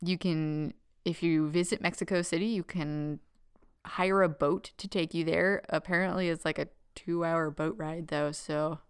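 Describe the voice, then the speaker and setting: A woman's voice: sits low, fairly even intonation, unhurried, clear, resonant tone. A young woman co-hosting a podcast, rambling through a story in casual chat with frequent giggles. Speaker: podcast co-host.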